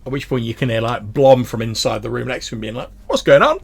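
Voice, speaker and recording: A man's voice: medium pitch, flat delivery, quick pace, creaky, a little mellow, breathy edge. A man narrating a tabletop game as game master in a chatty, filler-heavy way.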